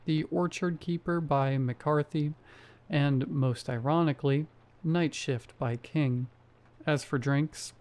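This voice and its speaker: A man reading a first-person horror story aloud in a steady storytelling manner. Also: medium pitch. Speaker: story narrator. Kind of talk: scripted horror narration.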